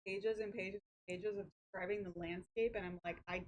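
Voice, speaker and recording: A woman joins a casual stream conversation. She talks in a chatty, animated way, in a medium-pitched everyday voice. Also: fairly quick, a little hiss or hum, rough recording. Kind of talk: casual chat.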